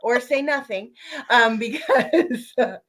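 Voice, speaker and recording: A woman's voice: on the high side, slow pace, a bit bright. A woman hosting a podcast interview over a video call, chatting casually and rambling, with lots of fillers and giggles. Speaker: podcast host.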